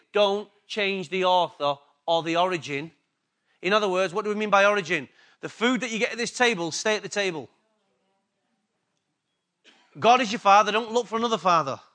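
With a high, somewhat bright voice and an English accent, a pastor gives a sermon. He poses questions to the congregation and leans on repeating key words for emphasis.

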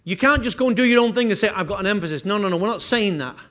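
A pastor delivering a sermon, his voice sitting high for a man. He preaches earnestly, repeating key phrases and restarting lines as he builds his point. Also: rapid-fire, a bit bright.

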